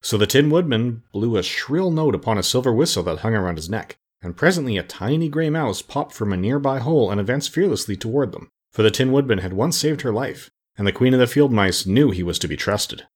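A man reading a storybook aloud in a measured, steady narration. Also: mid-range voice, husky. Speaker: audiobook narrator.

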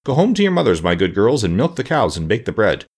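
A man's voice: lowish voice, very animated, fast talker, a little mellow, breathy edge, exaggerated voice. A man doing a fussy old gatekeeper. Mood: flustered. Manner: fussy and scandalized. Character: pleasant, flustered older male gatekeeper.

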